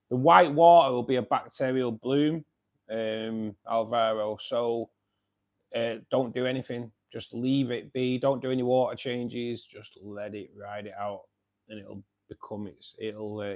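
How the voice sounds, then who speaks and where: A man with a Manchester accent hosting a casual live stream, chatting with viewers and calling them mate. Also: mid-range voice. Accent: Northern English, Manchester. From England. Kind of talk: casual live chat reading viewer comments.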